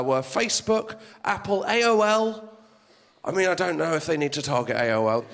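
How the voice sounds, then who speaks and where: A man doing a wry, deadpan stand-up set of news jokes on a comedy club stage. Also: high-pitched. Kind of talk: stand-up routine. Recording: live stage mic with crowd noise.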